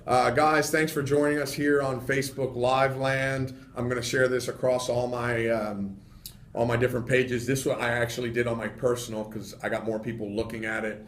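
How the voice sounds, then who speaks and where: Animated man telling fishing stories. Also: medium pitch, moderate pace, reverberant, slight background noise. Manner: animated storyteller, many fillers. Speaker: fishing guest. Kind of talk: casual radio studio chat. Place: radio studio.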